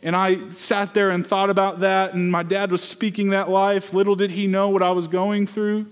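A young man preaches a sermon in an earnest, personal way, weaving his own story into the message. His voice sits notably high for a man. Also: level tone, normal speed, clear, resonant tone. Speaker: pastor.

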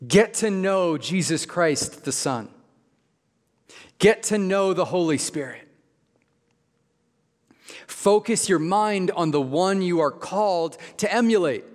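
Pastor preaching, male, somewhat high pitch, easygoing but emphatic, recorded in a reverberant church hall. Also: expressive, a little mellow. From Midwest. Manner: conversational and emphatic, slowing on key phrases. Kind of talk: sermon.

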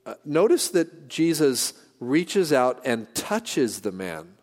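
A middle-aged man delivers a sermon in a church at an ordinary, middle pitch for a man. He talks earnestly and conversationally, pausing and restarting as he goes. His voice trails off into a long hall reverb. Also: big pitch swings, a little mellow. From San Francisco Bay Area, California. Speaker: pastor. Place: church sanctuary.

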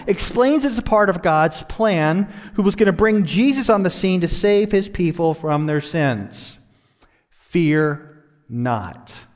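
A man preaching a sermon as pastor, impassioned and building to emphatic highs. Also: in a large hall.

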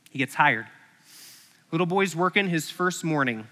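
A man's voice: fairly high pitch, moderate pace, long pauses. A man preaching a sermon, animatedly acting out a story before teaching. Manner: animated, acts out stories. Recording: echoey hall.

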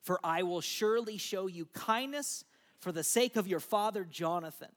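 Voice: medium pitch, natural voice. A preacher voicing an ancient king who earnestly reassures a frightened man and offers him kindness. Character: warm, generous ancient king.

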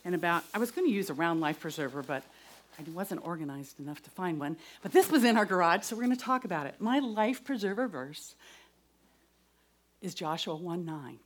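A middle-aged woman giving a devotional talk and personal testimony, earnest, moving between raised voice and soft whispers. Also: fairly low pitch, animated, fairly quick. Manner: earnest, shifts from loud to whispered.

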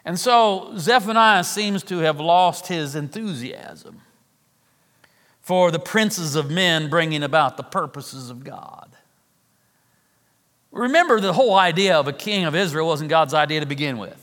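Middle-aged male pastor, high voice, emphatic sermon delivery with repeated phrases, long hall reverb. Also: lively intonation, unhurried, a bit bright.

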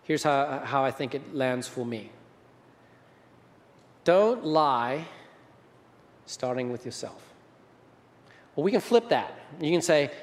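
Conversational pastor in an echoing hall. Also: male voice, medium pitch, expressive, slow pace, pauses often. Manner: conversational, asks the audience questions. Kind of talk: sermon. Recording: long reverb of a large hall.

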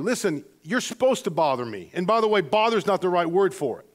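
A man pastor preaching a sermon in an earnest manner, moving between quiet stretches and emphatic ones, often restarting his phrases. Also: high-pitched, big pitch swings, fairly quick, hardly any pauses.

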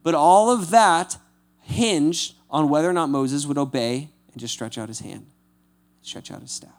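A male pastor giving a conversational sermon. He makes casual asides like "right?" and acts out scripture quotes in lively voices. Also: on the high side, unhurried.

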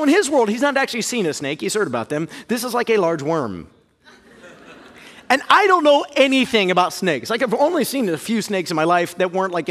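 A man in his thirties preaching a storytelling sermon, animated and self-mocking, jumping to high yelps when he acts out fear. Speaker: pastor. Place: church auditorium. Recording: reverberant hall.

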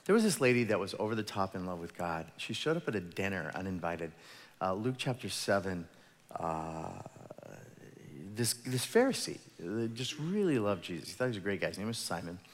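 Male pastor, lowish voice, casual storyteller, sermon in a reverberant church hall. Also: sing-song, a little fast. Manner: casual storytelling, retells scripture in everyday words. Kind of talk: conversational sermon.

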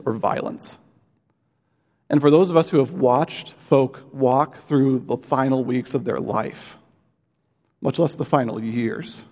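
A man's voice: medium pitch, darkish tone. A man preaching a sermon in an earnest, conversational way, with many fillers and restarts. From United States. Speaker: pastor. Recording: long hall reverb.

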